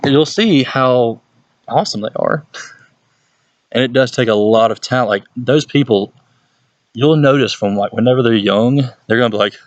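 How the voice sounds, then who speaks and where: Man, Southern Mississippi accent, youth pastor, casual vlog chat, playful, mid-pitched voice, dry room. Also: moderate pace, long pauses, no room sound, dull audio. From Hattiesburg, Mississippi, USA. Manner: chatty and playful, jumps into exaggerated high-pitched voices when quoting people. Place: at home, with his dog nearby.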